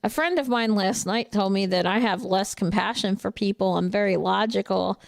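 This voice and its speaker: A woman with a New Jersey accent talks bluntly on a casual livestream, reading viewer comments and answering them. Her voice has a gravelly fry to it, and it sounds close and dry with little room around it. She is outspoken and laughs often. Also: mid-range voice, normal speed, dry recording. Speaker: truck driver and trainer.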